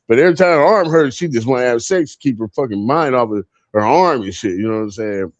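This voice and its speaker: A man's voice: fairly high pitch, animated, a little fast, hardly any pauses, no echo, muffled recording. A man in his fifties telling profane, laughing stories as a co-host on a live panel. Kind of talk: casual storytelling on a live panel.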